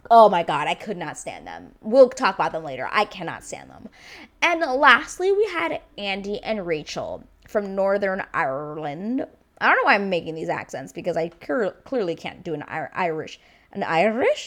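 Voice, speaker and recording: A woman's voice: medium pitch, moderate pace. A woman giving a chatty, unscripted review of a reality show, full of fillers and restarts. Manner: animated, chatty, lots of fillers. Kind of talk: casual vlog review.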